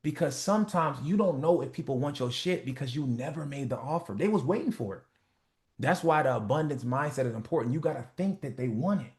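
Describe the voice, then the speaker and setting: A man coaching a group on a motivational call, animated and profane, acting out little skits. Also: on the high side, brisk. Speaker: business coach.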